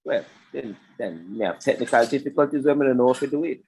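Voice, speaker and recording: A man hosts a live webinar over a video call, talking in an easy, improvised way. His voice sits at an ordinary middle pitch. The computer-mic audio cuts in and out. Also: animated, fast talker, a little mellow, a little hiss or hum, rough recording. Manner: chatty, improvising through technical trouble. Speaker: webinar host. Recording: broken-up online call audio.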